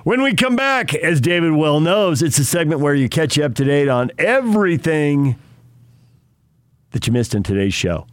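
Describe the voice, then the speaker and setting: A male sports radio host doing a brisk announcer-style segment tease. His delivery rises and falls with lively pitch, a touch high. The sound is dry and close, as in a studio. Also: dry recording. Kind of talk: segment tease and sponsor read.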